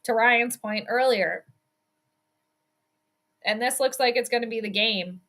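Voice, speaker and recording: Bright high-voiced woman fan commentator. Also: unhurried. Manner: excited, swearing, rambling fan commentary. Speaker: host. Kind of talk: live game commentary stream.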